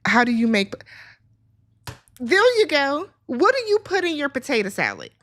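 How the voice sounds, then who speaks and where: High, lively woman chatting casually. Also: moderate pace. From Milwaukee. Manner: animated, frequent laughter, playful teasing. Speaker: show host. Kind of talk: casual podcast chat.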